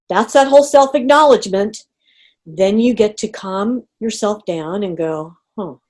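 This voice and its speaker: A middle-aged woman leading an online group coaching call, talking in an animated way and acting out inner reactions. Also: mid-range voice. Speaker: coach running a group session. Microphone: video call.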